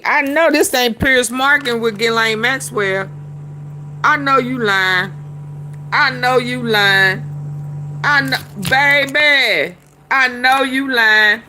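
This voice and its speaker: A woman's voice: on the high side, slow, pushed and bright. A woman hosting a casual commentary show, talking back at clips in a drawling, repetitive way. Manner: drawling, talks back at clips, repeats herself.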